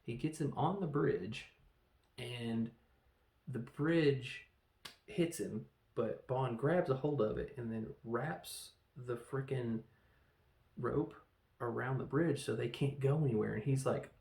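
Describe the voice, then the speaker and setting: A man reviewing a film in a casual, rambling way, telling the story with animated, acted-out quotes. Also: medium pitch, takes it slowly, gravelly. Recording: echoey room.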